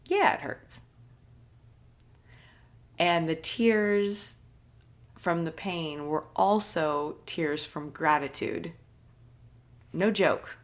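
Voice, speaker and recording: A woman hosting a podcast, telling a personal story in an earnest, soft-spoken, reflective way with light laughs. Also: sits low, drawn-out words. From United States. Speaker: podcast host.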